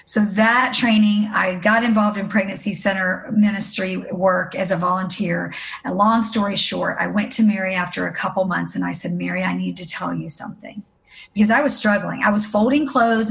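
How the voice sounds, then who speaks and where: A woman's voice: mid-range voice, vocal fry, a bit bright. A middle-aged woman giving a personal testimony as an interview guest, telling her story earnestly and acting out the voices of the people in it.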